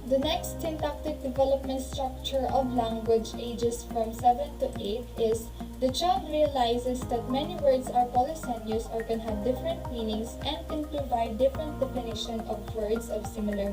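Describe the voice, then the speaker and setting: A woman, a student presenter, carefully reading her class presentation aloud and slowing to read out examples. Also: fairly high pitch, recorded from a distance, poor audio.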